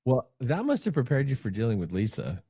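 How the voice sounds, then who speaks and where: A middle-aged man hosting a podcast, talking in a relaxed, halting way with chuckles and restarts. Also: medium pitch, husky, no room sound, clean studio sound. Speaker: podcast host. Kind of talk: casual podcast chat.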